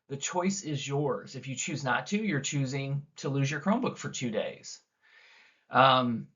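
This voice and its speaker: Lively man giving a teacher training talk, lo-fi. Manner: lively, acts out quoted dialogue with big swings in pitch and volume. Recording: dull lo-fi recording.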